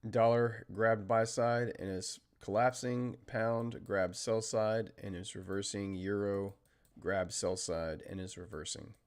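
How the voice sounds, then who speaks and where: Deep-voiced American man hosting a trading stream. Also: clean tone. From United States. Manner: chatty, thinks aloud with fillers and trailing pauses; steady technical market commentary. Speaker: trading livestream host. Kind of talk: casual live-stream commentary.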